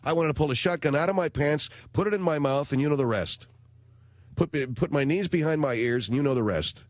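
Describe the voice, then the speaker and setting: A middle-aged man hosts a radio show from a studio with no echo, spinning a rambling, sardonic comic story. His voice is a little high, expressive and brisk, the delivery of a comedic radio monologue.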